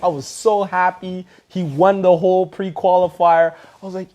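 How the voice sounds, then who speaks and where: A man's voice: high voice, normal speed, few pauses. A man who teaches street dance and is from Canada, telling a story in a casual interview and acting out what people said in a raised voice. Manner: animated, acts out quoted people in a raised voice.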